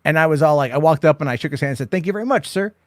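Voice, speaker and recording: A man's voice: a little high, expressive, racing, dry recording, studio quality. A man hosting a casual late-night movie chat, rambling through stories with lots of swearing and acted-out quotes. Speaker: host.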